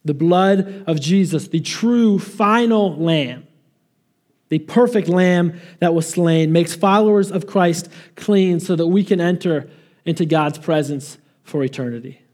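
A man preaching a sermon, earnest and emphatic, slowing down to stress key phrases. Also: on the high side, a little mellow. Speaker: pastor.

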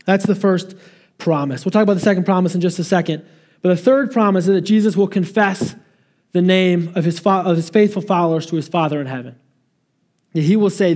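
A pastor delivers a sermon earnestly and emphatically, slowing down to stress key phrases. His voice is high-pitched with a darkish tone.

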